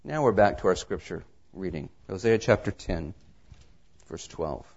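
A man preaching a sermon, reading scripture and telling stories, his delivery swinging between quiet asides and raised emphasis. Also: sits low, animated, measured pace. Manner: tells anecdotes with acted dialogue. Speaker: pastor. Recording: dull lo-fi sermon recording.

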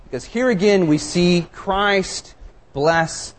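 A man's voice: high voice, takes it slowly. A man preaching a sermon, reading scripture and reflecting on it with earnest, emphatic questions. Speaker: pastor.

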